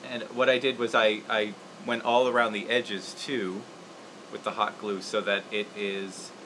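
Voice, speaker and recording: Man, puppeteer host, casual craft livestream, rambling, self-deprecating, bright voice. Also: lowish voice, level tone, unhurried, a little hiss or hum, rough recording.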